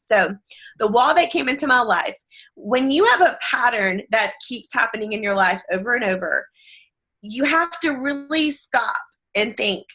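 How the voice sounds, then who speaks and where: A woman in her thirties giving an earnest, energetic motivational talk, full of faith and speaking straight to her listeners. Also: fairly high pitch. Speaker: network marketing team leader.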